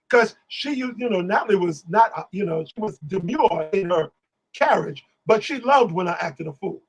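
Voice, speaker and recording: Fast-talking high-voiced man telling stories. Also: breathy edge, rough recording. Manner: lively, talks over himself, acts out quotes. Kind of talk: animated storytelling on a live stream.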